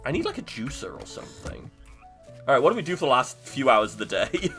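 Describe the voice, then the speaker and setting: A man's voice: mid-range voice, sing-song, fast talker, a bit bright, soft background music. A man streaming live gameplay, chatting to himself in a self-mocking way and laughing easily. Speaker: video game streamer.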